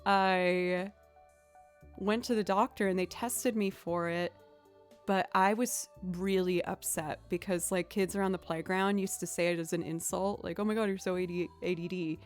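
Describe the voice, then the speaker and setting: A woman's voice: fairly low pitch, fairly even intonation, normal speed, soft background music. A young woman streaming, chatting casually with viewers in a rambling way, with lots of "like" and "um".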